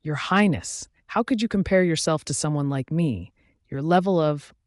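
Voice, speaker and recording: A man's voice: a little high, moderate pace, no echo, clean studio sound, natural voice. A man reading an audiobook, voicing a humble young male driver who speaks politely and with deference. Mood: deferential.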